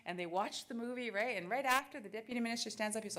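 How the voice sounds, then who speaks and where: A woman giving a talk, telling a lively family story with quoted voices and frequent laughter. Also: fairly high pitch, fast, few pauses. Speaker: speaker.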